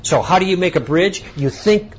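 A man giving a conference lecture, telling an anecdote in an animated storytelling way. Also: high-pitched, moderate pace, slightly rough, muffled recording. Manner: animated storytelling, acting out both sides of a dialogue. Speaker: speaker at a conference.

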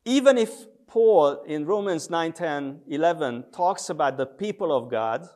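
A man lecturing on theology in a measured, deliberate way, with frequent hesitation sounds. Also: a little high, animated, a little mellow. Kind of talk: theological lecture with scripture readings.

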